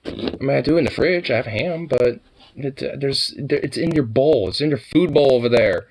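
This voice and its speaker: A man talking to his dog on camera in teasing baby talk, laughing and swearing, dropping to low mutters and jumping up to high squeals. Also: moderate pace, a little mellow, slight background noise. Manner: laughs often, swears casually. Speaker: dog owner filming his husky. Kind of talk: casual talk to a pet on camera.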